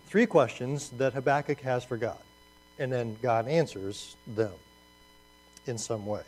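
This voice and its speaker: A man preaching a conversational sermon with slides, animated and restarting phrases as he goes. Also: mid-range voice, takes it slowly, low-quality recording. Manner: animated, repeats words as he restarts. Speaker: pastor.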